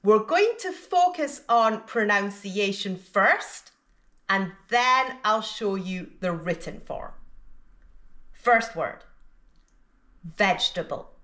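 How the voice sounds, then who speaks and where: A woman teaching English pronunciation, speaking slowly and deliberately and enunciating each word carefully so learners can repeat it. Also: medium pitch, expressive, fairly bright tone. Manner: clear, careful enunciation of single words. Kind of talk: slow, deliberate teaching with pauses for repetition.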